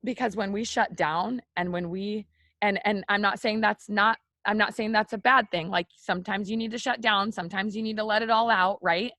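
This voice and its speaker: Young woman leading a heartfelt faith talk, chatty and repetitive, middle pitch, dry recording. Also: steady tone, normal speed, sharp tone, dry recording. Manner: candid, confiding, repeats phrases, frequent "like" and "right?". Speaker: faith video host. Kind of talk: personal devotional talk to viewers.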